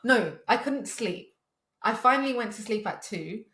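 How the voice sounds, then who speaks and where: A woman's voice: fairly high pitch, lively intonation, moderate pace, a bit bright, reverberant. A woman in her twenties co-hosting a podcast, telling a story in casual chat with swearing and laughs. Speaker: podcast co-host.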